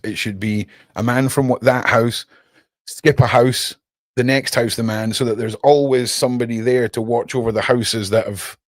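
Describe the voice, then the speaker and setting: A Scottish man ranting on his live stream, profane and heated, his voice climbing high and loud in bursts. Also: no room sound, clean studio sound. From Scotland.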